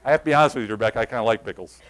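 A man's voice: medium pitch, racing, a bit bright. A man preaching a sermon in a conversational, emphatic way, repeating key phrases and asking the congregation questions. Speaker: pastor.

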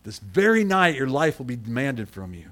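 A man's voice: medium pitch, sing-song, moderate pace, a bit bright. A middle-aged man preaching a sermon in a conversational way and calling on people in the congregation by name. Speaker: pastor.

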